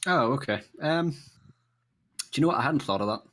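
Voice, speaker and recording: A man narrating as game master, halting and searching for words as he describes scenes. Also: mid-range voice, expressive, a bit bright, slight background noise.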